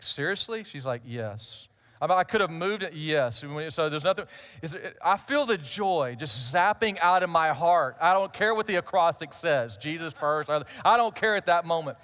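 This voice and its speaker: High-voiced man preaching a story sermon. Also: a bit bright. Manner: conversational, humorous storytelling. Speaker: pastor.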